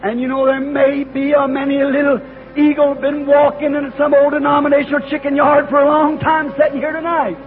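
A man preaching a sermon as a folksy story, in homespun country grammar, growing fervent and shouting at its peaks. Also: extremely high pitch, little pitch movement, fairly quick. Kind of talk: folksy storytelling sermon leading into an altar call. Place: church service. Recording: dull lo-fi tape with music behind. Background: music.

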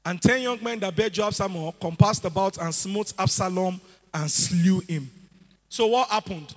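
A man preaching a sermon to a church, animated and sing-song, at times rising to shouts. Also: high voice, moderate pace. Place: church hall. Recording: echoey hall with music behind.

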